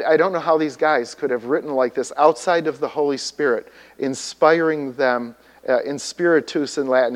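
A man preaching a sermon, teaching in an explanatory way and putting questions to the congregation. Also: a little high. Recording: long hall reverb.

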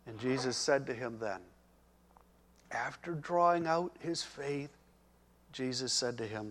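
A man preaching a sermon, slow and emphatic, growing loud and urgent when he speaks the characters' words. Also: mid-range voice. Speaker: pastor.

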